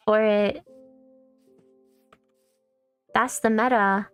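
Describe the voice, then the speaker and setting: A young woman with a fairly high voice chats through a game stream, wandering from thought to thought with plenty of swearing and self-mocking jokes. Her voice sits close and dry on the mic, with soft music playing faintly underneath. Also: no room sound. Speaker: VTuber streamer. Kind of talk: casual gaming stream chat. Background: faint background music.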